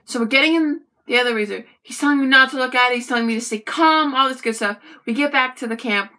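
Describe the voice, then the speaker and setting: A young woman talks straight to the camera, telling her own story in a chatty, animated way and turning to the viewer with quick asides. Her voice sits a little high and sounds bright and forceful. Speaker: vlogger.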